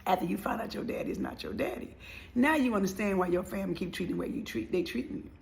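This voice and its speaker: A middle-aged woman, speaking as a motivational speaker in an emotional, animated personal storytelling monologue and acting out the voices of people in her story. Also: medium pitch, fast talker, creaky.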